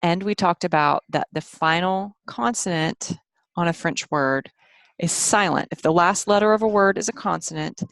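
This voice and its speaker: A woman's voice: fairly low pitch, normal speed, vocal fry, no echo. A woman teaching French phonics in a patient screen-share lesson, repeating sounds so learners can follow along.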